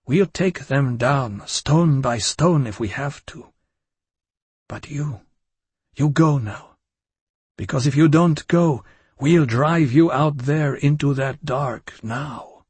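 A man's voice: mid-range voice, slow pace, darkish tone, slightly rough, dry recording. A man voicing a fierce, commanding German village innkeeper woman with a guttural German accent, in an audiobook reading. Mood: grave warning.

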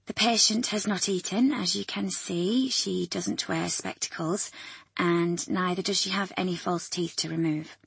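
Hesitant young female student nurse in an audiobook, voiced by a woman with a husky tone. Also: on the low side, steady tone, a little slow, fairly bright tone, no echo, exaggerated voice. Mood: firm. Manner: hesitant, apologetic.

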